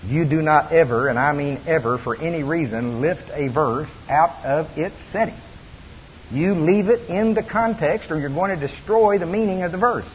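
A man preaching a sermon in a folksy, animated storytelling manner, laughing as he goes. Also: on the high side, moderate pace. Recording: dull lo-fi recording with long reverb and faint hiss.

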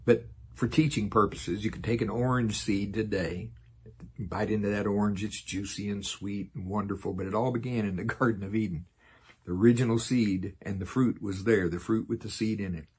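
An older man preaching a sermon in a folksy way, laughing often and slowing down to repeat lines solemnly. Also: on the low side, steady tone, a little mellow, breathy edge.

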